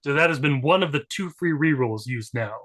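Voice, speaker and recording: A man's voice: on the high side, animated, brisk, fairly bright tone. A man narrating as game master of a tabletop role-playing game, laid-back and joking, with fillers.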